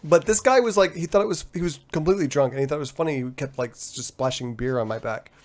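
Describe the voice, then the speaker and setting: A man's voice: fairly high pitch, fast talker. A middle-aged man co-hosting a casual post-show chat, telling a story with frequent laughter and free swearing. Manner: laughs often while telling stories, swears freely. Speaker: podcast co-host.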